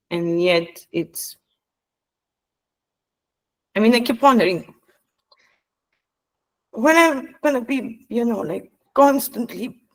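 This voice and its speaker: A woman's voice: mid-range voice, poor audio. A woman sharing personal feelings over a video call, hesitant and searching for words. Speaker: participant in a reading.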